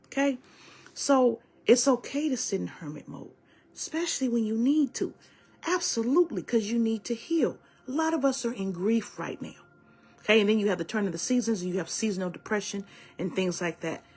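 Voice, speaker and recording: A woman's voice: lowish voice, husky. A woman acting as a spiritual guide, delivering a channeled oracle-card message in an emphatic, preachy way and calling her listeners baby and my loves.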